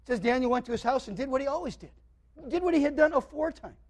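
Man, very high voice, preacher, sermon, animated storytelling, acts out characters, loud and quiet swings. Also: quick pace. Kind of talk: sermon retelling a scripture story.

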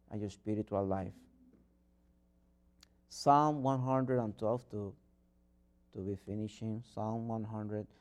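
Man, preacher, earnest sermon, restarts, builds to loud fervor. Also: medium pitch. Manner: earnest, rising to loud fervent exhortation; non-native phrasing and frequent restarts.

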